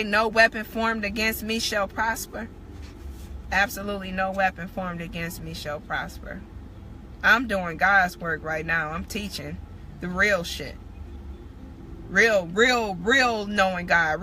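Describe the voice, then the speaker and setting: Bright-voiced woman preaching frankly. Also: mid-range voice, a little slow, a little hiss or hum. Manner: candid, preachy, swears freely. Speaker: spiritual teacher. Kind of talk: casual live-stream testimony.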